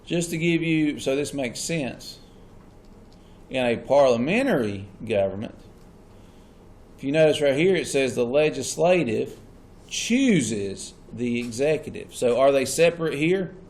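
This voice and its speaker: A man with a medium-pitched, darkish voice teaches a classroom lecture, repeatedly asking the class questions and going back over the key points.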